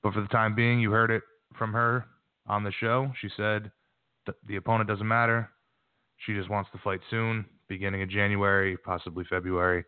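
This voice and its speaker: A man's voice: fairly low pitch, little pitch movement, moderate pace, clear, resonant tone, dry recording. Chatty male podcast host, tinny line. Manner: chatty, rambling, self-correcting. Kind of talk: casual chat.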